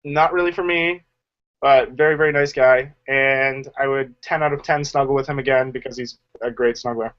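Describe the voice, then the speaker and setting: A man's voice: mid-range voice, fairly even intonation, moderate pace. A man co-hosting a casual group video chat, jokey and chatty with lots of fillers. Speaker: channel co-host. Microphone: video call. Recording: lo-fi video call audio.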